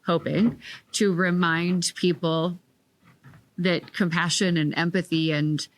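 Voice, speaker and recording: Low-voiced woman hosting an unhurried interview. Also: steady tone, a little hiss or hum. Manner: measured, unhurried questions. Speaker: podcast host.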